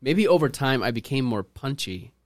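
A man co-hosting a podcast in casual chat, talking loudly and punchily. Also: medium pitch, expressive, normal speed, no echo, studio quality. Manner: loud, punchy delivery. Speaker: podcast co-host.

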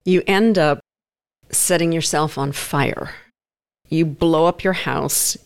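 A woman's voice: low voice, slow pace, clean tone. A woman interviewing a guest, asking direct questions and recapping his story.

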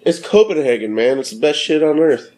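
A man's voice: fairly high pitch, expressive, a little fast, darkish tone. A man chatting casually during a movie in a studio, teasing and laughing easily. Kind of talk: casual movie commentary chat.

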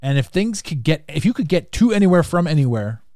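A man hosting a podcast, answering a listener voicemail in a rambling, animated way and laughing often. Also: fairly high pitch, a little fast, no echo, clean studio sound. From Canada. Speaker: podcast host. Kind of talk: casual podcast monologue.

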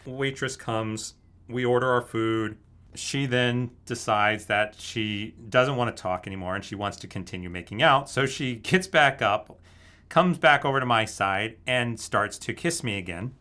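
A man's voice: mid-range voice, measured pace, pushed and bright. A man casually telling a story, laughing often as he goes. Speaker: guest telling a dating story. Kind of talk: casual anecdote.

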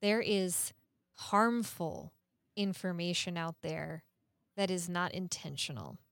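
A woman's voice: on the low side, slow pace, a bit bright, dry recording, studio quality. A woman co-hosting a podcast, explaining things earnestly in casual chat, laughing often and cursing now and then. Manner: curses casually.

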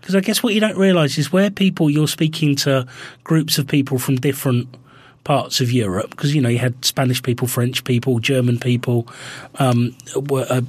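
A man's voice: medium pitch, moderate pace, a little mellow, no room sound. A man co-hosting a casual chat podcast, telling rambling stories with lots of restarts. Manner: rambling, chatty storytelling with many restarts. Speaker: podcast co-host.

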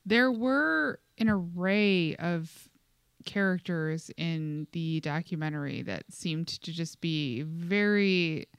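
Podcast co-host, young adult woman, smooth and close, low-ish voice, chatty and loose with fillers. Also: lively intonation, slow, no room sound. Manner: chatty, many "like" fillers, acts out quotes. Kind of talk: casual chat.

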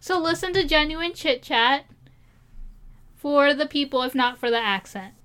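A woman from Maryland co-hosting a podcast in casual chat, playful and quick to laugh. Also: sits high, bright, forceful tone. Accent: Maryland American. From Maryland, USA. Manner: giggly, playful, quick asides. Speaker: podcast co-host.

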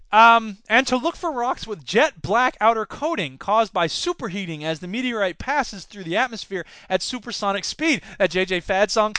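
Brief: high, bright male podcast host, jokey and rambling, dry close mic. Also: animated, normal speed, hardly any pauses, clean tone, dry recording. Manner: jokey, rambling, slips into silly voices. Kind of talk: comedic news commentary.

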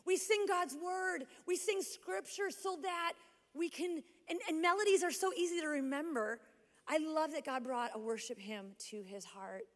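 A woman pastor preaching a sermon in a chatty, animated storytelling way. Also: high-pitched, normal speed. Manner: animated, conversational storytelling with lots of "like". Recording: long hall reverb.

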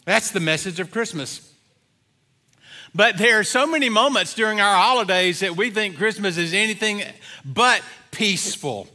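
A middle-aged man preaching from the pulpit of a church, with a high, bright voice. He tells homey stories and jokes in an easy, rambling way, full of "uh"s, and speaks into a stage mic. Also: lively intonation, moderate pace. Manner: folksy storytelling with many fillers. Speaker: pastor. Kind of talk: sermon. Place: church sanctuary.

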